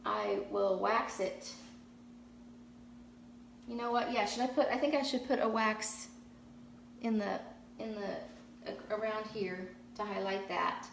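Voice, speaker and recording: A woman's voice: medium pitch, fairly even intonation, takes it slowly, creaky, pauses often. Middle-aged woman, rambling live-stream painter, roomy garage sound, faint hum. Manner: chatty, rambling, reads viewer comments aloud. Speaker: painting vlogger. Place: garage, kneeling on concrete floor.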